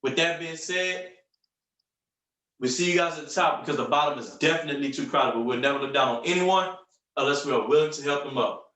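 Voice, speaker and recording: A man's voice: on the high side, a little fast, fairly bright tone, distant mic. A man coaching a group call in an upbeat, punchy way, repeating phrases for emphasis. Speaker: sales coach. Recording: roomy, from off the mic.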